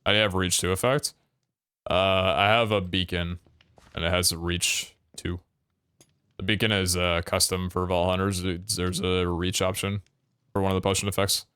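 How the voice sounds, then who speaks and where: A man's voice: sits low, little pitch movement, moderate pace, bright, forceful tone, clear, resonant tone. Tired young man streaming. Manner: rambling, swears casually, laughs often. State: tired, yawning. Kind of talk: casual stream chat.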